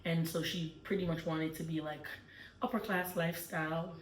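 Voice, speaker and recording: A woman with a fairly low voice retells a book in a relaxed chat, full of ums and likes. She sits a little away from the mic in an echoey room. A faint hum of ambience runs behind her. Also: moderate pace, far from the mic. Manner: chatty storytelling with many fillers. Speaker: book club host. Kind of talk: casual book discussion.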